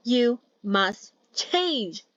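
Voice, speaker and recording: A woman's voice: a little high, sing-song, a little slow, dry recording, dull audio. Woman reading as a bossy young mafia heir. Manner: barking, scornful orders.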